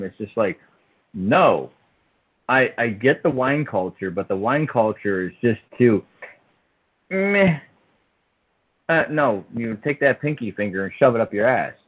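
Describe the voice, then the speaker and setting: A man hosting a casual podcast, rambling and stumbling over his words as he jokes around. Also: mid-range voice. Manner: rambling, repeats words, mock accents. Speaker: podcast host. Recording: phone-like lo-fi audio.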